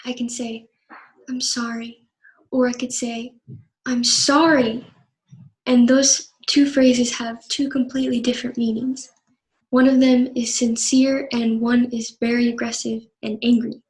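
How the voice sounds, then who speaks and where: A young woman giving a scripted class presentation in an even, explanatory reading manner. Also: a little high, normal speed, low-quality recording. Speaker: student presenter.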